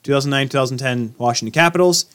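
A man co-hosting a hockey podcast in casual, excitable chat. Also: mid-range voice, very fast, clear, resonant tone. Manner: excitable, breaks into shouts and laughs. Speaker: podcast co-host.

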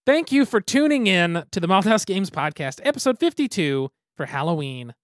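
A man's voice: high voice, sing-song, moderate pace, no echo, studio quality. A man co-hosting a podcast in casual chat, easygoing and self-deprecating, laughing often. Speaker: podcast co-host.

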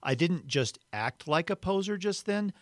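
A man's voice: high-pitched, expressive, unhurried, no echo, studio quality. A man reading a Bible passage aloud and then discussing it in a reflective, conversational way. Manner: reflective, uses computer metaphors. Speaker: co-host.

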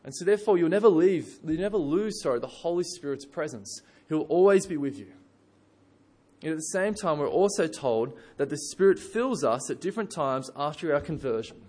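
A man preaching a sermon in a relaxed, conversational way with casual asides. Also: a little high, a little fast.

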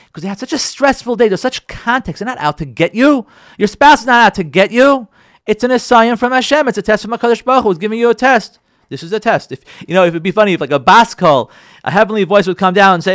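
A male rabbi talks to his listeners in an animated, high-pitched voice that climbs and falls a great deal. He hammers points home by repeating them and uses Hebrew terms. The sound is dry and close. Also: no room sound. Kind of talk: Torah class on marriage.

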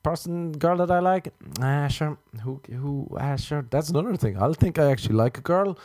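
A man's voice: fairly high pitch, moderate pace, darkish tone, no echo. A man, delivering a self-mocking comic monologue. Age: 30s. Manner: ranting, self-mocking, acts out his own inner voice. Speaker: comedian.

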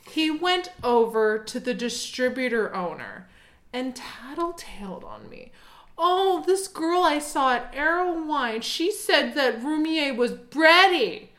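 A woman telling a casual, profane, animated story as a podcast guest, laughing often. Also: on the high side. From United States. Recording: echoey room.

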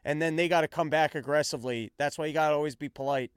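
A man's voice: on the high side, fairly even intonation, fast talker, clear, resonant tone, dry recording, clean studio sound. A man who is a stand-up comedian hosting his own show, talking in a casual, rambling, self-mocking monologue with stumbling restarts. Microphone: self-filmed on action camera.

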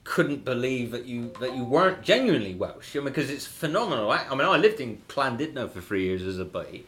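Male podcast host, eager interviewer, medium pitch, reacts with delighted exclamations. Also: very animated, a bit bright, soft background music. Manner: enthusiastic, quick exclamations of wonder.

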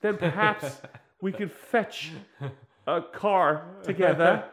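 A prim lady interviewer with a wobbly fake-British accent, as a man puts her on. She speaks slowly and with exaggerated politeness, a touch higher than his usual voice. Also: fairly bright tone. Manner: slow, prim and overly polite. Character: woman interviewer faking a posh British accent.

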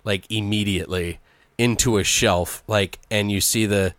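Man, casual writer-room chat, animated, profane, bright voice, dry close sound. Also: fairly low pitch, moderate pace, dry recording. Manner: animated, swearing, acts out bits of dialogue.

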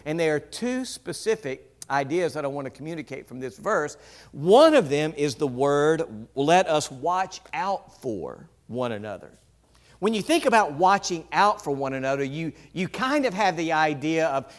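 A man, preaching a sermon that is full of stories, and acting out the quoted voices with big shifts in pitch. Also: big pitch swings, normal speed. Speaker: pastor. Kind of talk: sermon with storytelling.

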